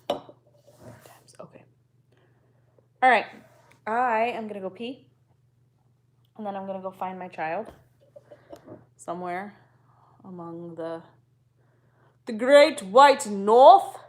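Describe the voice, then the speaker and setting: A woman vlogger in casual chat to the camera, laid-back, sighing often and swearing offhandedly. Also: mid-range voice.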